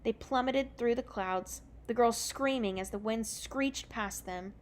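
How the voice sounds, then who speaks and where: A woman reading a children's book aloud in a relaxed, unpolished way, correcting her own slips as she goes. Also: a little high, measured pace, a little hiss or hum. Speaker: reader.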